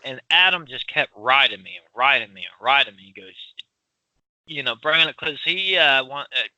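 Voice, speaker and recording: A man from Philadelphia with a Philly accent, co-hosting a casual chat, loud and rambling with frequent laughs. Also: mid-range voice, expressive, normal speed, no echo, lo-fi sound. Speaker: podcast co-host.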